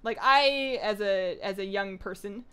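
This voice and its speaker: A woman's voice: medium pitch, unhurried, bright, forceful tone, smooth. A young woman livestreaming a game, chatting casually and rambling in a self-deprecating way as she reads viewer comments. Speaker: gaming streamer. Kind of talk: casual live-stream chat.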